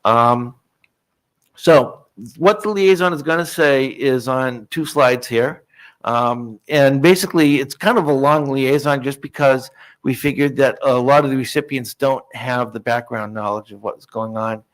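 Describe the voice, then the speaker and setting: A man of middle pitch leads a technical meeting from a conference room microphone. He talks in an easy, polite way, with plenty of fillers and restarts as he works through his material. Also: measured pace. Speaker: working group presenter.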